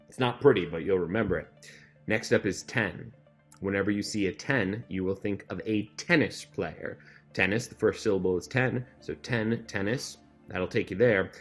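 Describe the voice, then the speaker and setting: Deep-voiced man teaching a memory trick. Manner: patient, repetitive explaining with fillers. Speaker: magic instructor. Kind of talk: instructional narration.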